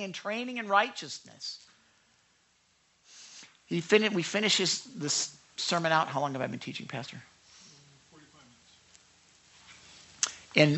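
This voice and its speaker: A man preaching a sermon, animated and talking back and forth with his congregation, acting out quotes. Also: on the high side. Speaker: pastor.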